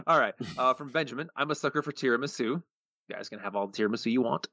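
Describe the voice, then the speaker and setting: A man co-hosting a podcast, rattling through listener answers at a brisk clip with a sharp, tense edge to his voice. He chuckles easily between entries. The audio is dry and slightly muffled. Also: medium pitch, animated, no echo. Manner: quick, chuckling delivery. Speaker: podcast co-host. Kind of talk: casual podcast chat, reading listener answers.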